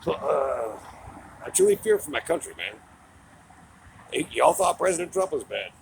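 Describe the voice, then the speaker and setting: A man's voice: on the high side, very animated, moderate pace, creaky, slight background noise, low-quality recording. A middle-aged man giving a heated, profane political rant, mocking and angry. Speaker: political commentator.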